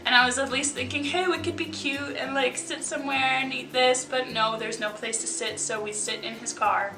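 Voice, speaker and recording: A woman's voice: high voice, fairly even intonation, normal speed, over music. A young woman casually telling stories to the camera, chatty and wry, with sarcastic asides and lots of likes. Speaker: vlogger. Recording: echoey room, mic at a distance.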